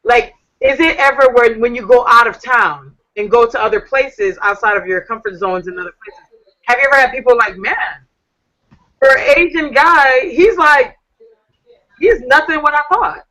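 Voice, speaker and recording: Bright-voiced woman host, teasing. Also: a little high, moderate pace, low-quality recording. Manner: teasing, chatty questions, playing to viewers. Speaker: talk show co-host. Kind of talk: playful interview on a video call. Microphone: video call.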